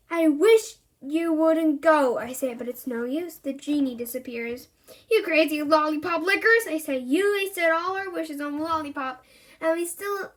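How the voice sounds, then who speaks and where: High-voiced woman reading a children's story. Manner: voices characters with lively pitch jumps. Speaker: reader. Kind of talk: reading a children's book aloud.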